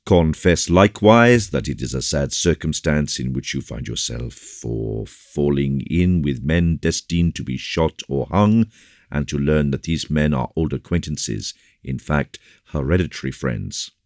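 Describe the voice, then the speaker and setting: A man's voice: rumbling low, animated, unhurried, vocal fry, no room sound, full character voice. A man voicing a witty, serious older musketeer bishop, speaking in a dry manner.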